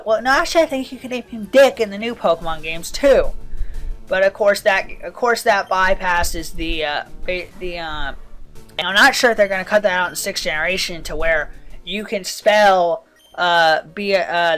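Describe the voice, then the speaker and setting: A woman from the Southern United States talks casually over her gameplay. Her voice sits at an ordinary middle pitch. She rambles, loses her thread and jumps between tangents. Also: a bit bright. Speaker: let's player.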